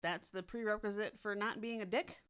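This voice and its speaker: A woman chatting casually to her audience, talking bluntly and dropping swear words along the way. Her voice sits at an ordinary middle pitch. The sound is a bit dull and lo-fi, as if it is picked up by a computer's built-in microphone. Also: steady tone, fairly quick, fairly bright tone, smooth. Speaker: content creator. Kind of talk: casual chat. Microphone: built-in computer mic instead of her usual microphone.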